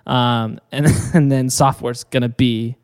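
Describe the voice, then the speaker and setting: A man's voice: mid-range voice, level tone, measured pace, clear, resonant tone, in a large hall. A man co-hosting a podcast, telling a business story in a loose, rambling way with fillers. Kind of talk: casual chat.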